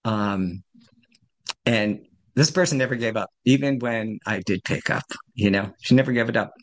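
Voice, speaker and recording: A man in his sixties tells his recovery story at a support meeting, speaking at normal speed in a fairly low voice. His personal share is rambling and self-deprecating.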